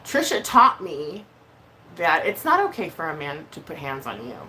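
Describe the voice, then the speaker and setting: Bright-voiced woman, blunt and heated. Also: low voice, very animated, moderate pace, a little hiss or hum. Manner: blunt and heated, with frequent swearing; emotional, hesitant with many fillers. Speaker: vlogger. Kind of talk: casual live-stream chat.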